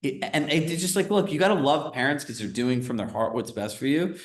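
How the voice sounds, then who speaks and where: A man coaching a group live on a video call, talking in a casual, energetic way and often checking in with "right?". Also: mid-range voice, a little fast, reverberant. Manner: energetic, conversational, filler-heavy with frequent "right?". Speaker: real estate business coach.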